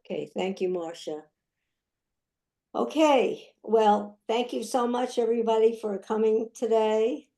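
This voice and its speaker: Woman meeting chair losing her voice, slow and mellow delivery, fillers between announcements. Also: on the high side.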